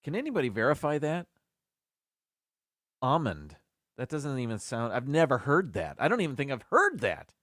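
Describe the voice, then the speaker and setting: A man's voice: medium pitch, wildly swooping pitch, quick pace, few pauses, a bit bright, no room sound, studio quality. A man hosting a casual live stream by himself, chatting as he thinks aloud. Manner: chatty, muses aloud about word pronunciations.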